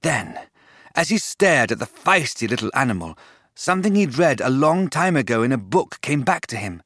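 A man narrating a story in an expressive audiobook style. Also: mid-range voice, normal speed, no echo, clean studio sound.

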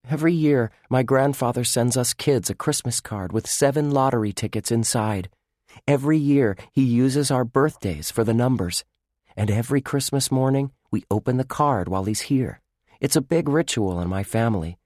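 A man's voice: mid-range voice, normal speed, darkish tone, dry recording, studio quality, pitched above the performer's own voice, natural voice. Man voicing a glum boy, Lucky. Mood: explaining. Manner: glum, explaining. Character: boy upset about a theft.

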